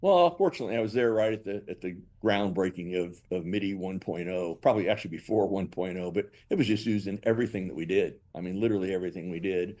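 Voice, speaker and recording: An older man, a company founder and guest, telling animated stories and acting out both sides of past conversations. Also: low-pitched, fast talker, few pauses. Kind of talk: storytelling interview answers.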